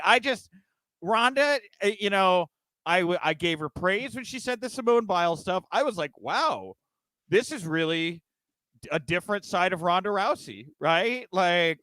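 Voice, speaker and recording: A man's voice: on the high side, pushed and bright, clear, resonant tone, no echo. A man co-hosting a casual wrestling news podcast, ranting emphatically with lots of restarts. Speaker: podcast co-host.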